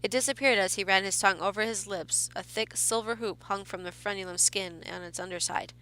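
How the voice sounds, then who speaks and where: A woman narrating a horror story in a measured reading with small restarts. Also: mid-range voice, bright, forceful tone.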